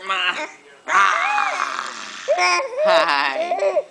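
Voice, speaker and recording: A woman talks to her baby in a gushing, sing-song voice. Her pitch sits a bit high and leaps wildly up and down. She speaks slowly and coaxingly, with faint noise behind her. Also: wildly swooping pitch. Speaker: mother. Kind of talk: baby talk to an infant.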